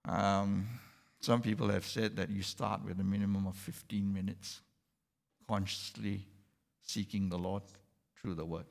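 A man preaching a sermon in an animated way, putting questions to the congregation. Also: lowish voice, measured pace, vocal fry. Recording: long hall reverb.

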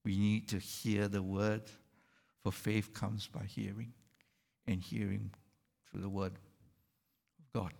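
A man preaching a sermon in an animated way, putting questions to the congregation. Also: fairly low pitch, slow, creaky, pauses often. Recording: long hall reverb.

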